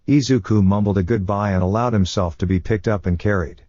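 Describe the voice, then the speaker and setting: A low-voiced man narrating a fiction story at a steady pace. The recording is dull and lo-fi, with a dry, close sound. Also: fairly quick, no room sound.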